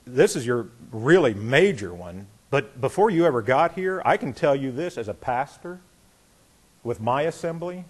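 Animated storytelling male pastor. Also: medium pitch, normal speed, slightly rough. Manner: conversational, animated, acts out quotes. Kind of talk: sermon with storytelling.

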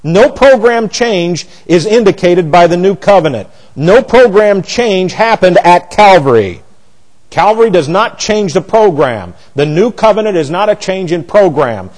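A man's voice: unhurried, poor audio. A man preaching an expository Bible sermon, emphatic, with rhetorical questions and repeated words. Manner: animated pitch jumps for emphasis. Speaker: pastor.

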